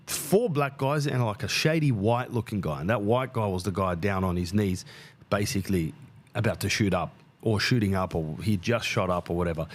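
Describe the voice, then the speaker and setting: A man in his thirties, casually telling a travel story on his podcast, swearing freely and acting out the people he met. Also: fairly low pitch. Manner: animated, swears freely, acts out quoted people. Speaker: podcast host.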